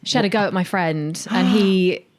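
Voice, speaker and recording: A woman's voice: lowish voice, moderate pace. A British woman co-hosting a podcast, chatting in a bubbly way, laughing often and acting out what people said. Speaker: podcast co-host. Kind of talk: casual chat.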